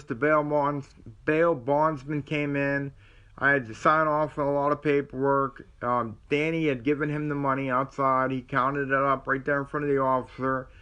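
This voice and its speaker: A man's voice: medium pitch, bright, forceful tone. A man, telling a personal story to camera in a rambling way, acting out what others said. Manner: rambling, with many restarts and quoted dialogue. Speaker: vlogger.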